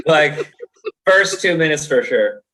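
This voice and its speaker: A man's voice: on the high side, lively intonation, takes it slowly, fairly bright tone, poor audio. A young man co-hosting a casual podcast, laid-back and laughing as he swears through crude stories. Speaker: podcast co-host. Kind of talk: casual chat.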